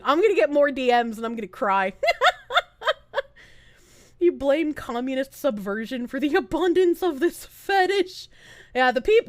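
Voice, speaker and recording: A woman's voice: sits high, no room sound. A woman streamer chatting casually and rambling on a live stream, laughing often between lines.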